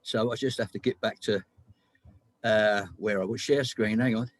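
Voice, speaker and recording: A man's voice: on the low side, steady tone, normal speed, no echo. A man in casual chat on a video call, explaining things eagerly as a musician sharing songs.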